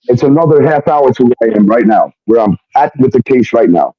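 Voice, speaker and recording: A man's voice: mid-range voice, a little fast, no room sound. Guy ranting through his story, cusses a lot, dry muffled sound. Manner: profane, animated retelling with quoted dialogue. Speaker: guest telling his story. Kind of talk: casual storytelling.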